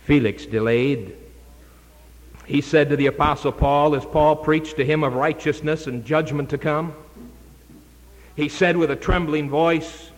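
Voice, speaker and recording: A man preaching an urgent evangelistic sermon, dramatic and moving from hushed to loud. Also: fairly high pitch, a little slow, pauses often, long reverb tail, low-quality recording.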